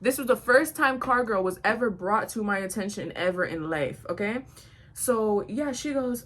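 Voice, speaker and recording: A young woman vlogger telling a storytime while getting ready, blunt and animated, acting out the other people in the story. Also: mid-range voice, moderate pace. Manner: blunt, animated retelling with quoted voices.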